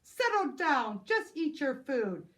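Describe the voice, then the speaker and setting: Woman playing a flustered storybook waiter, high, exasperated, scolding. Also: very animated, slow pace, full character voice. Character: flustered male cafe waiter.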